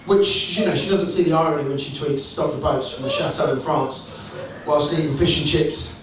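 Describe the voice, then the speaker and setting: A man tells crude, sweary jokes in a wry storytelling manner during a stand-up set inside a comedy club, his voice a little high and his speed normal. The sound is noisy and echoey, captured by a distant mic in the club room.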